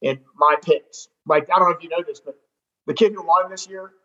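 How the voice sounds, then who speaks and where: A man telling a long, animated story in a casual interview, rambling and full of restarts. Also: a little high, a little fast. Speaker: golf tournament director. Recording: dull lo-fi sound.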